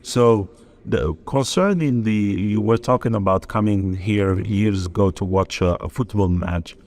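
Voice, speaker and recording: A man hosting a podcast, asking questions in a halting way, searching for words. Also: fairly low pitch, darkish tone. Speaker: podcast host, English teacher. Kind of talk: interviewing.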